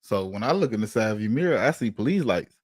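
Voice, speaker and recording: A man on a casual podcast telling a story in an animated, profane way and acting out the quotes. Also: fairly low pitch, fast, no room sound, clean studio sound. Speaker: podcast co-host.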